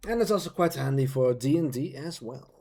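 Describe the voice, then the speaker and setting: A man's voice: mid-range voice, expressive, brisk, darkish tone, faint music behind. A man chatting casually on a live stream, rambling playfully with lots of fillers as he talks about his voice-acting hobby.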